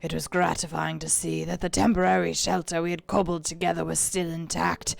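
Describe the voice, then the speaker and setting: Casual: gruff old sea captain, a woman putting it on, reading his log slow and steady, gravelly tone, dry close sound. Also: on the low side, no echo, voice pushed down. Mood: grim. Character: weathered male ship captain, grim and determined.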